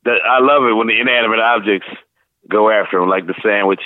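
A man in his fifties from St. Louis, telling rambling, lively stories as an interview guest. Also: on the low side, quick pace, no room sound. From St. Louis, USA. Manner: rambling, animated anecdotes, slips into voices. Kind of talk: casual storytelling interview. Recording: tinny phone line.

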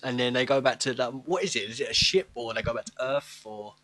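A man's voice: mid-range voice, fast, bright, forceful tone. A man co-hosting a casual chat about a film, asking questions and joking. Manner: chatty, asks questions, jokes.

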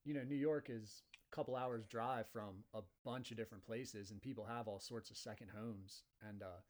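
A man's voice: fairly low pitch, fairly even intonation, moderate pace. A man hosting a casual podcast chat, rambling and chatty with many fillers and restarts. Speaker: podcast host. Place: Delaware, at home.

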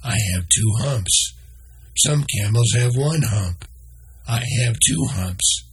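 A man voicing a talkative, proud male camel who speaks in a slow, friendly way. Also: mid-range voice, expressive, slightly rough, full character voice.

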